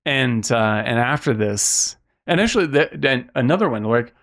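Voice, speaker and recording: A man co-hosting a podcast in a casual film discussion, animated and acting out quotes in a raised voice. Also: mid-range voice, normal speed, creaky. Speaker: podcast co-host.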